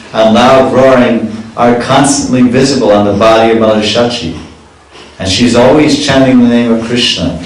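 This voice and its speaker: Male scripture teacher, relaxed and chatty, mid-range voice, recorded from a distance with a faint hiss. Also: medium pitch. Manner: reads verses, then explains them in a chatty way with chuckles. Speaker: spiritual teacher. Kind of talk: scripture reading class. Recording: echoey hall, distant mic.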